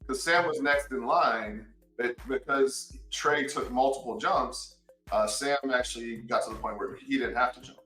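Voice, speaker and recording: A man guest on a podcast, casually recounting events and acting out quoted lines with sudden jumps in pitch. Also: moderate pace, echoey room, distant mic, soft background music, low-quality recording. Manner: animated, acts out quotes with big pitch jumps. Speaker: podcast guest, former contestant. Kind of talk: casual storytelling.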